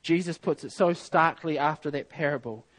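A man delivering a sermon with an earnest, emphatic manner. His voice sits a bit higher than most men's, and he reads scripture aloud, circling back on words as he presses each point. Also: moderate pace, fairly bright tone, rough recording. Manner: earnest, emphatic, with reading of scripture and repeated phrases. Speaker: preacher.

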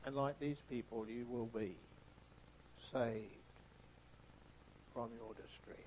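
A man preaching a sermon with emphatic delivery that swings between hushed, soft phrases and loud, stressed ones. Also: mid-range voice, fairly even intonation, slow pace, a little hiss or hum, low-quality recording.

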